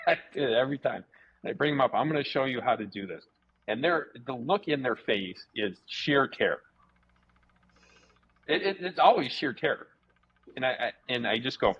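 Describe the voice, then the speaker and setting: Husky man telling lively stories. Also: medium pitch, normal speed, pauses often. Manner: animated, repeats words, swears casually. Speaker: martial arts instructor and guest. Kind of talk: casual storytelling interview. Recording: dull lo-fi podcast audio.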